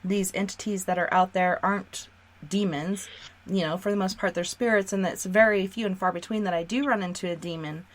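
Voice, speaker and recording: A woman's voice: mid-range voice, fairly even intonation, a little fast. A woman hosting a radio talk show, sharing her beliefs earnestly in casual conversation. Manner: earnest, talks through beliefs. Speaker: radio host.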